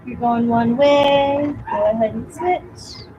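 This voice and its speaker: A young woman teaching a yoga class outdoors, giving calm, encouraging cues with casual fillers, a bit out of breath. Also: on the high side, slow pace, dull audio, background noise. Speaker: yoga instructor. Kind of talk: guided yoga class instruction.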